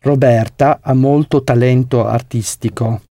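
A man giving calm, even model answers in a language lesson. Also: medium pitch, normal speed, dry recording, clean studio sound.

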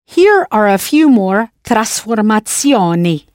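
A woman narrating a scripted language lesson in a clear, playful way, spelling words out letter by letter. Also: medium pitch, sing-song, slow, a little mellow, no room sound, clean studio sound. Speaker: language teacher.

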